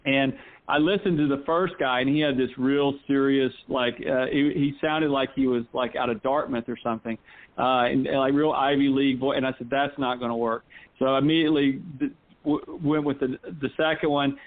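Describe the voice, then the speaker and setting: A man's voice: mid-range voice, steady tone, brisk. Guy from north carolina, golf coach guest, rambles and restarts a lot, tinny phone line. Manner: rambling, frequent restarts and fillers. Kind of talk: casual interview chat.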